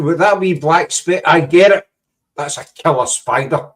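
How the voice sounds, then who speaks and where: A man's voice: on the high side, moderate pace, poor audio. A man, hosting a casual chat and rambling through stories with many asides. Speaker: podcast host.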